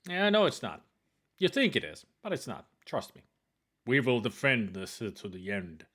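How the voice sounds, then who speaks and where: With game music and some background noise behind them, a co-player speaks at a medium pitch and moderate pace while playing a story game. They tease, laugh often, and read the game's lines aloud in lively, casual commentary.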